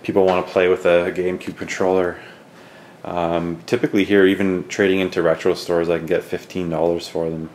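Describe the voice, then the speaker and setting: A man with a relaxed, rambling manner and many fillers, keeping his voice down at home as he shows off games he found at garage sales. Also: deep voice, brisk, a little hiss or hum. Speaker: video game collector vlogger. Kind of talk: casual show-and-tell vlog. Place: home at night.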